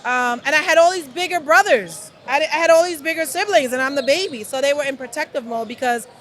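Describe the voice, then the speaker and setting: A middle-aged woman talking in a casual interview, animated, often saying "right?" and "absolutely". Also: high-pitched, fairly quick. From United States. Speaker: guest.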